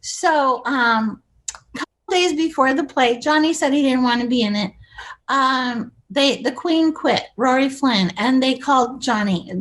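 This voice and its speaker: A woman's voice: sits high, measured pace, a bit bright. A woman in her sixties, a comedic actress, telling rambling showbiz stories and acting out the voices of people she quotes. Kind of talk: casual storytelling interview.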